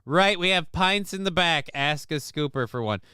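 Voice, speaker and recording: A man's voice: a little high, expressive, normal speed, sharp tone, clear, resonant tone, no room sound, clean studio sound. A man hosting a live-stream show, reading chat messages aloud and riffing with crude, sarcastic, rambling commentary.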